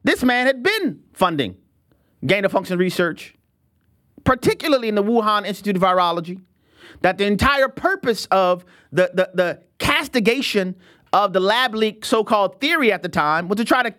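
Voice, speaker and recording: Animated commentary show host. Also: mid-range voice, normal speed. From United States. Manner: animated and digressive, with frequent restarts. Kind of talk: opinionated commentary.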